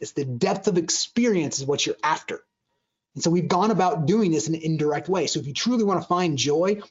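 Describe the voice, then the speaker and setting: A man giving an earnest motivational talk, often restarting sentences and acting out quoted conversations. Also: fairly high pitch. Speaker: speaker on joy at work. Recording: dull lo-fi sound.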